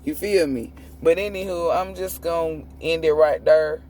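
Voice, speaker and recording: A woman's voice: sits low, normal speed, a little mellow. A woman tarot reader delivering a profane, preachy spiritual rant, emphatic and prone to repeating and restarting words when fired up. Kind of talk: ranting spiritual monologue.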